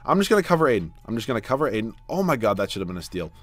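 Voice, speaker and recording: Exasperated young man yelling over gameplay. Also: lowish voice, big pitch swings, rapid-fire. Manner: exasperated, swings from muttering to yelling. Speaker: gaming YouTuber. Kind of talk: live gameplay commentary. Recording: dry close mic with faint background music.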